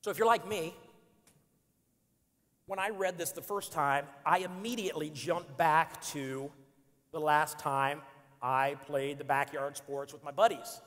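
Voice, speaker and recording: A man in his forties telling an animated, joking story to a church congregation. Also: on the high side, unhurried, long pauses. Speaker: speaker. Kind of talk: storytelling sermon. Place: church auditorium. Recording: long hall reverb in a church.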